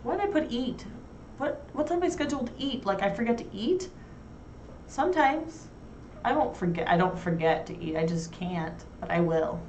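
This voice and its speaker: A woman's voice: a little high, expressive, normal speed, darkish tone, slight background noise. Frank, crude woman host, roomy and distant. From New York. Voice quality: frank, crude, self-mocking humor. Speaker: talk show host. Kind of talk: casual chat. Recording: roomy echo, heard from far off.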